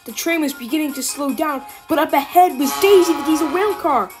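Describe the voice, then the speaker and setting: A woman narrating a children's storybook with calm, even storytelling. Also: sits high, fairly quick. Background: background music.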